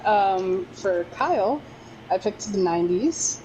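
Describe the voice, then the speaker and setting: Slow, rambling, giggly woman. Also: mid-range voice, lively intonation, warm tone, highs cut off, a little hiss or hum. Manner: rambling, laughing, lots of fillers. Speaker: podcast co-host. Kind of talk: casual chat among friends.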